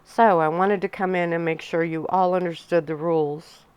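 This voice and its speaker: Young alpha checking on his pack, lady reading him, direct, smooth lowish voice, ASMR story. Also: steady tone, moderate pace, darkish tone, no room sound, muffled recording, natural voice.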